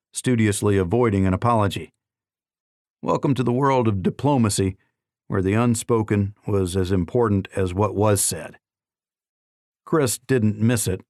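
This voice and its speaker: A man narrating a novel in the first person, with a measured, matter-of-fact delivery. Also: fairly low pitch, darkish tone, dry recording, clean studio sound. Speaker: audiobook narrator.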